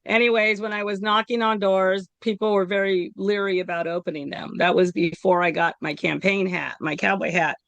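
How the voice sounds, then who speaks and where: A woman's voice: medium pitch, normal speed, few pauses, dry recording. Chatty Bay Area woman telling stories. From California Bay Area. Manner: animated storytelling with laughs and acted quotes. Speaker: guest, local activist. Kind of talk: casual interview chat.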